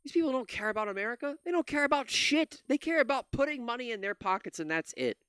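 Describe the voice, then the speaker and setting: A man's voice: extremely high pitch, expressive, fast talker, fairly bright tone, clean tone, dry recording, studio quality. A man hosting his own channel, reacting to a clip with profane, exasperated ranting. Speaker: commentary channel host. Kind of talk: angry reaction commentary.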